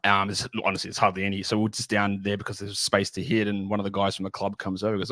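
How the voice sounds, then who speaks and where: A man's voice: fairly low pitch, monotone, fast, hardly any pauses, a bit bright, no room sound. A middle-aged man chatting as a podcast guest, rambling and repeating words as he jokes around. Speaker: guest analyst. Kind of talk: casual podcast chat.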